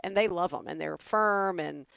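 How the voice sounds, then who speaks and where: A woman in her forties chatting on a podcast, with a low, gravelly voice. She talks in a chatty, self-deprecating way and throws in animated asides. The sound is close and dry, with no room around it. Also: normal speed, dry recording. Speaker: podcast co-host. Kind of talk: casual chat.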